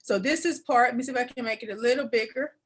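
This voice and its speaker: A woman presenting an adult education program on a video call, teary and warm as she repeats phrases and laughs. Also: fairly high pitch, quick pace, slightly rough, poor audio. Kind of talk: webinar presentation.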